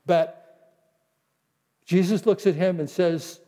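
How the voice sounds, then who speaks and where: A man with a high, mellow voice preaches a teaching sermon. He slows and softens when he quotes scripture. A long reverb hangs behind him. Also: animated. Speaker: pastor.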